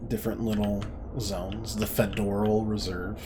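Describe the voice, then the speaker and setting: A man's voice: lowish voice, animated, normal speed, background noise. A man streaming a video game, reading its dialogue aloud in playful mock-archaic voices. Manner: playful, theatrical, jokey. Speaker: let's play streamer.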